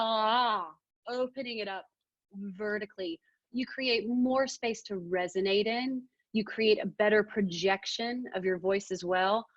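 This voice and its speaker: A woman's voice: mid-range voice, no echo, lo-fi sound. Emphatic woman teaching speech. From Arkansas. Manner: energetic, emphatic, demonstrates vocal techniques. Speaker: presentation skills trainer. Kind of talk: webinar training talk.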